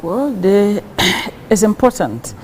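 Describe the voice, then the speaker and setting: A woman who is a guest on a TV talk show, explaining her views in a measured way. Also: mid-range voice, sing-song, a little hiss or hum, rough recording. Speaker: guest speaker.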